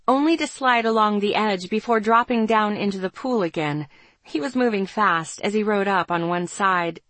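Woman narrator, mid-range voice, first-person audiobook, steady and even, dry recording. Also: mid-range voice, no echo.

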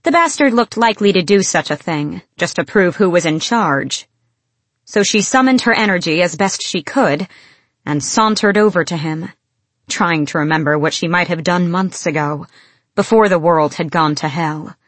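A woman reading fantasy fiction aloud in measured, expressive storytelling. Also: fairly low pitch, no room sound. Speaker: audiobook narrator. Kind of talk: scripted fantasy narration.

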